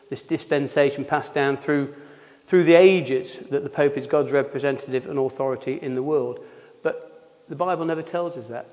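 A man giving an informal sermon, halting, with many fillers and restarts. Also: a little high, darkish tone. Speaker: preacher. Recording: long reverb of a hall.

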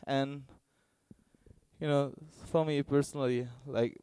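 Earnest halting man preaching. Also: mid-range voice, smooth, dry recording. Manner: halting, searching for words, earnest; gets excited and loud in bursts. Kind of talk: sermon.

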